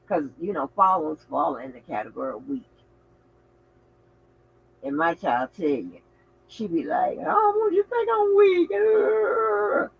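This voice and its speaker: A man hosting a casual livestream, talking in an animated, outspoken way with frequent swearing and exclamations. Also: a little high, gravelly, highs cut off, a little hiss or hum. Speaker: channel host.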